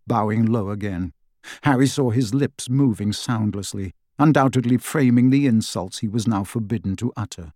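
A man's voice: on the low side, no room sound. Male audiobook narrator, dry close sound. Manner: measured, expressive storytelling. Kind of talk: scripted narration.

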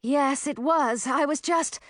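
A woman's voice: high-pitched, slow, a bit bright, dry recording, clean studio sound, voice pushed up. A woman reading as a kind and brave young girl dragon, speaking in an earnest, friendly way.

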